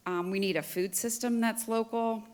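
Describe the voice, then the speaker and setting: A woman's voice: fairly high pitch, fairly even intonation, moderate pace, a little mellow. Woman, program officer, hesitant, frequent ums, listing points, auditorium stage. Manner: hesitant, many ums, list-like. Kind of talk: summit recap remarks.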